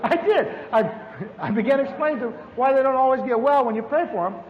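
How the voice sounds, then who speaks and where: A man telling a lively personal testimony as a storytelling sermon, with repeated phrases and sudden exclamations. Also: very high-pitched, quick pace, narrow, tinny audio. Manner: animated, repetitive storytelling with sudden shouts. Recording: reverberant hall with faint noise.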